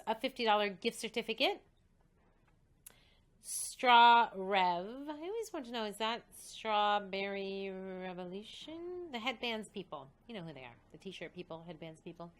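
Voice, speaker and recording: A woman host excitedly reading out a list of prizes, coughing and short of breath. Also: on the high side. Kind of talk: casual livestream announcement.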